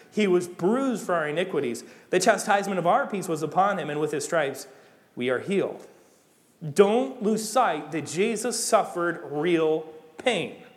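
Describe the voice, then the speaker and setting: A young man preaching a sermon in a lively, conversational way, rising to emphatic peaks. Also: a little high. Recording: long hall reverb.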